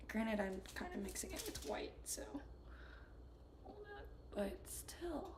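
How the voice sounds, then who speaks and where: A young woman from South Carolina rambles through a vlog as she paints, cursing and ranting one moment and muttering half-whispered to herself the next. Her voice sits a little high and she talks at an unhurried, drawn-out pace. The room adds a noticeable echo and a faint hum of ambience. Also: big pitch swings, a crowd in the background. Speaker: vlogger. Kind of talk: casual chat while painting.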